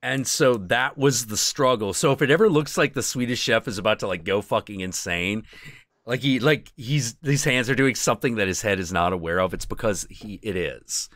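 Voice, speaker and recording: A man's voice: lowish voice, moderate pace, fairly bright tone, no echo, clean studio sound. A man hosting a stream, chatting casually in a loose, profane way with lots of fillers. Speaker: stream host. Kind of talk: casual chat.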